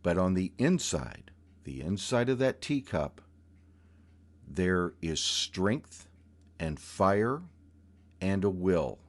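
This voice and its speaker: A man telling a personal story from his youth in an unhurried, reflective way, with small restarts. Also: low voice, animated.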